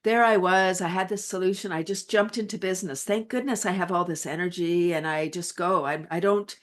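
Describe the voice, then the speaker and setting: A woman's voice: fairly low pitch, steady tone, brisk. A middle-aged woman from Canada, a wellness advocate guest, chatting energetically in an interview and laughing often as she tells playful stories. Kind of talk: casual interview chat.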